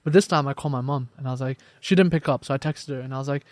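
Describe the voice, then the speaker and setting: A young man guest on a podcast, telling his story in casual conversation and acting out quoted dialogue with lively shifts. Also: medium pitch, racing, dry recording. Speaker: podcast guest, life coach.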